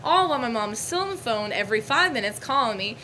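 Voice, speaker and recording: A young woman vlogger telling a story about her bad day in a casual, animated, exasperated way. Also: a little high, fast talker, a little hiss or hum, poor audio. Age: young adult.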